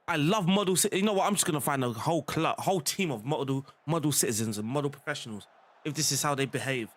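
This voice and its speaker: A man streaming a football management game, talking casually and getting excited, at times shouting at the plays. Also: a little high. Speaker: gaming streamer. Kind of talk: live game commentary.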